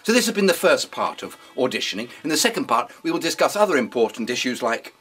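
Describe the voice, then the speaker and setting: Pompous lively-voiced acting teacher, male. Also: medium pitch, quick pace. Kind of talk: mock-serious instructional talk.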